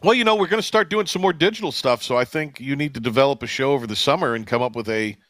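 A man hosting a casual sports radio show, talking in a rambling, halting way with many fillers and restarts. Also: mid-range voice, fairly bright tone, no room sound.

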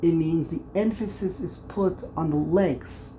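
A man teaches a Bible lesson in a gravelly, fry-laced voice, working through the commentaries as he thinks aloud. He restarts and repeats words often and sounds out syllables with sudden loud stress. A faint hum of the room sits behind him. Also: a little high, measured pace, poor audio. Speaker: Torah teacher.

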